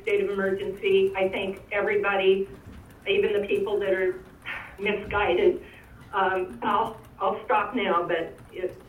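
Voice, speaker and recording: A woman's voice: mid-range voice, slight background noise. Emotional woman on a tinny, echoey line. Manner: emotional, pleading. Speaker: public commenter. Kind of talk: public comment at a meeting. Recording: phone-like, echoey, far from mic.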